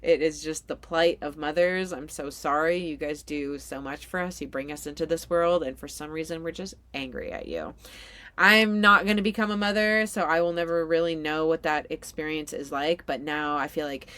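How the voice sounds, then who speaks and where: A woman's voice: low voice, fairly bright tone. A woman in her thirties hosting a solo podcast, talking candidly and emotionally about her family and often laughing. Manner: slow soothing guided meditation. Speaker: podcast host.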